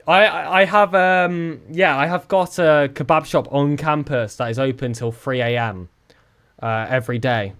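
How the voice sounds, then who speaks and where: A man's voice: normal speed, clean tone. A young man from the south of England with a southern English accent, chatting casually with his live-stream viewers and joking around. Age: young adult. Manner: chatty and joking, with lively swings in pitch.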